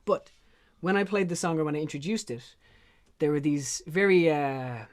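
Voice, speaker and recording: An Irish man, a songwriter guest, casually and effusively introducing his song with animated storytelling. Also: on the high side, moderate pace. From Ireland.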